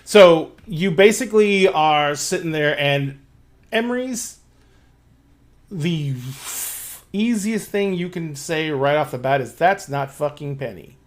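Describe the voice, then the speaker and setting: A man running a tabletop role-playing game as game master, chatty and quick to laugh. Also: on the high side, expressive.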